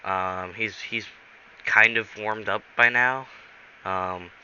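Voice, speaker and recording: A man's voice: on the low side, fairly even intonation, slow, bright, forceful tone, clean tone. Rambling man telling a goofy story. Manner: rambling, self-correcting, many fillers. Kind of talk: improvised comic story narration. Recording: dull recording with faint hiss.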